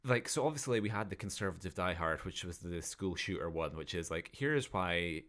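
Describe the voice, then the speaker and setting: Low-voiced male podcast co-host, rambling and digressive, casual review chat. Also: expressive, moderate pace, a bit bright. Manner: rambling, digressive, laughs at his own jokes.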